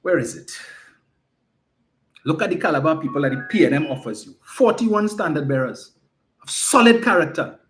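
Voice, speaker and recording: Man, campaign speaker, mocking rhetorical delivery, slightly high voice. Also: expressive, moderate pace, pauses often, a bit bright, soft background music. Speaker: political campaigner. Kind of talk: political campaign speech.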